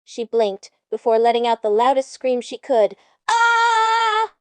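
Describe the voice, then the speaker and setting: A woman's voice: a little high, steady tone, normal speed, dark tone, clear, resonant tone, no room sound. A woman reading a fan story aloud in a plain manner. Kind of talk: storytelling narration.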